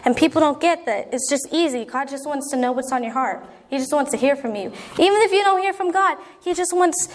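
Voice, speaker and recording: A woman's voice: high voice, expressive, fairly quick, hardly any pauses. A young woman preaching a sermon in an earnest, conversational way, acting out prayers as she goes.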